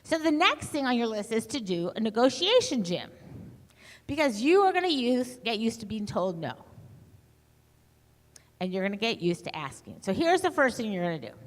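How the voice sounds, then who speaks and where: A middle-aged woman speaking to an audience in a lively storytelling talk, acting out the voices she quotes. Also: medium pitch. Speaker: conference speaker. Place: conference hall. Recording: long hall reverb.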